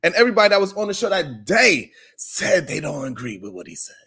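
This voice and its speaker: A man hosting a live stream tells a long story in a high voice with a wide, swooping range. He acts out the voices of the people in it and breaks off to greet viewers in his chat by name. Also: sing-song, quick pace, bright, forceful tone, breathy edge. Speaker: live stream show host. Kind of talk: animated live stream monologue.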